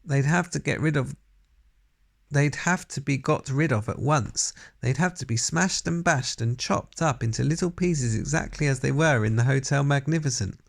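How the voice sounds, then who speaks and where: A man voicing a bold, excitable elderly grandmother in a storybook read-aloud, exclaiming emphatically. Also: medium pitch, moderate pace, gravelly, pitched above the performer's own voice. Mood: excited.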